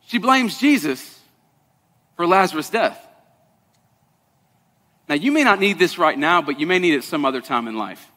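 A man preaching a sermon to a congregation, talking conversationally and dropping to soft, intense tones for weight. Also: a little high, lively intonation, moderate pace, long pauses. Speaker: pastor. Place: church sanctuary. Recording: long reverb of a large hall.

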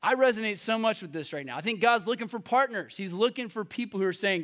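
A male preacher with a high, bright voice, giving a sermon in an animated, storytelling way. He acts out the voices of the people he quotes and laughs at himself often. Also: quick pace, hardly any pauses. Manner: laughs often, self-deprecating. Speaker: pastor.

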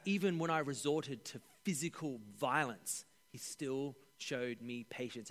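A man voicing the apostle Peter, a grateful older fisherman, in quiet, earnest first-person testimony. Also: mid-range voice, lightly acted. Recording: echoey hall.

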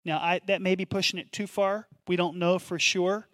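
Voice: mid-range voice, little pitch movement, moderate pace, fairly bright tone, dry recording. Emphatic conversational preacher, dry sound. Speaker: pastor. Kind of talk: sermon.

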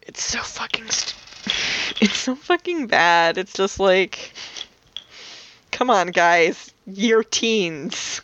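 A woman's voice: medium pitch, lively intonation, slow, long pauses, noisy background. Chatty swearing woman podcast host. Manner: chatty, swearing, full of fillers and laughs. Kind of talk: casual recap chat.

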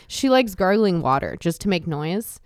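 Low-voiced woman chatting candidly. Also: very animated, unhurried, darkish tone, no room sound, clean studio sound. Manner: candid, swearing, laughing often. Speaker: podcast host. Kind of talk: casual chat.

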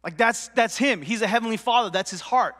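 A man's voice: extremely high pitch, fairly quick, a bit bright, in a large hall. A man preaching a casual sermon as a pastor, earnest and conversational, with lots of "like" and "right?".

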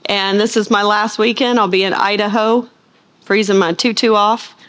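Middle-aged woman Bible teacher, talkative and lively, full of playful asides to the congregation. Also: mid-range voice, moderate pace. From United States. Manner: rambling, animated storytelling with playful asides. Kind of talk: chatty sermon intro to a live audience.

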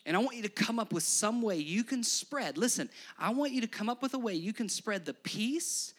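A man preaching a Christmas Eve sermon, animated and playful, speaking to the kids and parents in the room. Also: sits high, moderate pace. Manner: animated, playful asides to children. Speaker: pastor.

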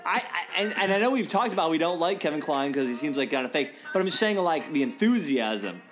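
Rambling man, lively raised voice. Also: on the high side, a little fast. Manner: rambling, lots of "like", deadpan jokes. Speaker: podcast co-host. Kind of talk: casual chat.

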